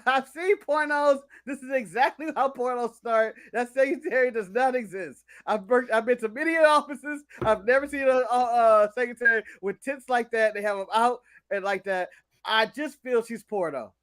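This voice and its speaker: A man's voice: extremely high pitch, normal speed, a bit bright. An American man co-hosting a wrestling recap show, chatting casually, joking and laughing often as he riffs. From United States. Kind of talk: casual podcast banter.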